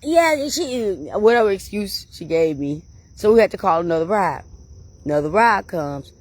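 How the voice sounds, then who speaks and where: A woman hosting her own channel, telling stories to her viewers in a casual, animated way, laughing often and calling them y'all. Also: lowish voice, moderate pace, no room sound. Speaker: channel host.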